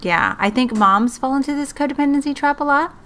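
A woman's voice: sits high, expressive, fairly quick, fairly bright tone. A woman co-hosting a casual advice chat, encouraging and direct, who talks to listeners as "guys" and lays out her points step by step. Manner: lists points and steps firmly. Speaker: podcast co-host.

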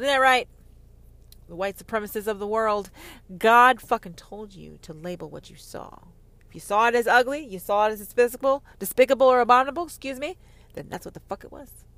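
A woman giving a heated monologue on faith, sarcastic and profane, swinging from loud outbursts to whispers. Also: mid-range voice, no echo. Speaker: online Christian commentator.

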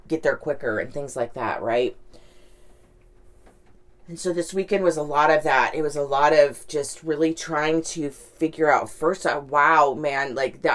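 A woman talking candidly in a casual reflective monologue, rambling, with lots of "like" and "right?". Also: deep voice.

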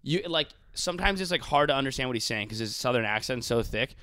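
A man's voice: medium pitch, expressive, fast, pushed and bright, smooth, no echo. A male comedian in casual, profane chat, rambling with lots of fillers and breaking into impressions. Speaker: comedian, podcast co-host.

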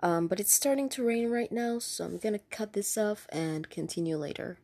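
A woman's voice: mid-range voice, expressive, moderate pace, warm tone. A woman with a non-US accent casually telling stories about her job taking insurance calls, chatty and laughing often, with many fillers and restarts. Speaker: insurance call agent telling work stories. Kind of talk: casual storytelling vlog.

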